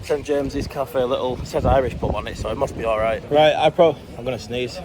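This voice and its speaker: A man vlogging on a trip, chatty and sweary, filming himself on a handheld camera on city streets. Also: mid-range voice. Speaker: travel vlogger. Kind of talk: casual vlog chat. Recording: noisy outdoor street audio.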